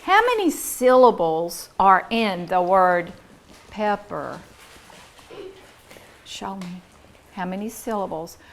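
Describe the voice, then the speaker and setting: A woman teacher leads a phonics lesson in a classroom, sounding out words for young pupils in an encouraging, deliberate way. Her mid-range voice has lively intonation, and there is slight background noise.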